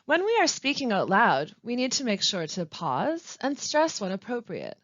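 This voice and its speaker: A woman teaching pronunciation in a scripted webinar, speaking slowly and carefully with deliberate pauses. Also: on the high side, huge pitch swings, a bit bright, dry recording. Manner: slow, careful, deliberate delivery with clear pauses. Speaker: language support specialist. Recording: dry, dull lo-fi voice-over.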